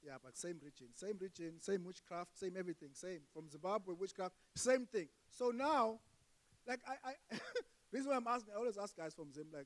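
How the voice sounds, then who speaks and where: A young man with a South African accent works a comedy crowd in a fairly high voice. He bursts out loudly at the punchlines, then drops into hushed asides. He chats back and forth with people in the audience. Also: moderate pace, poor audio. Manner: animated, swings between loud outbursts and hushed asides. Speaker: stand-up comedian. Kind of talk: stand-up comedy with crowd work.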